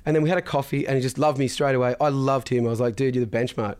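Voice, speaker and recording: A man's voice: mid-range voice, fairly even intonation, rapid-fire, a little mellow, clear, resonant tone. A man, a guest in a casual interview, telling stories bluntly and swearing freely. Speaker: podcast guest, business founder.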